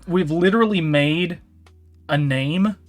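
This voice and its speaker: A man's voice: on the high side, slow. A man hosting a live stream, chatting loosely with viewers and a co-host, with frequent "like" fillers and swearing. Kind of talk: casual chat with stream viewers. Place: Tokyo.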